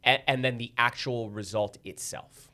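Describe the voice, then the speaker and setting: A man's voice: medium pitch, fairly even intonation, normal speed, pushed and bright. Conversational male news show host. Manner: stammering restarts, conversational. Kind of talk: casual studio chat.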